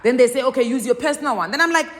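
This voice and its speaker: A South African woman talking to camera as a content creator, telling stories with lively swings and acting out both sides of phone calls. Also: high voice, very fast, big-room sound. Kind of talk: casual vlog talk.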